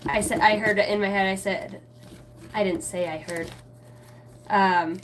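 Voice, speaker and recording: A woman's voice: medium pitch, steady tone, unhurried, pauses often, faint music behind. A woman giving a casual livestream spiritual reading. She rambles, trails off mid-thought and swears now and then. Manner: self-mocking aside, often trailing off mid-thought. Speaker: spiritual reader answering viewers live.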